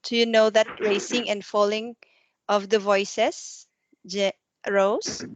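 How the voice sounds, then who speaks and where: A woman tutoring English one to one over a video call, asking patient questions and explaining slowly with some non-native grammar. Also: medium pitch, flat delivery, no echo. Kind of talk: one-to-one online English lesson.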